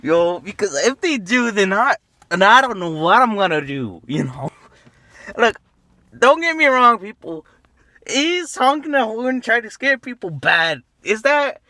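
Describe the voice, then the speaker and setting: A man's voice: high voice, bright, forceful tone, no room sound. A man sitting in a parked car, waiting to prank passersby, muttering impatiently to himself and now and then calling out to people. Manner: impatient, grumbling, calls out to passersby. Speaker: prankster vlogger.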